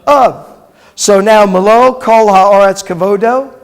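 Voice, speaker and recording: In a Hebrew class, a middle-aged rabbi lectures and quizzes his students, patiently repeating words aloud. He speaks slowly in a high-pitched voice.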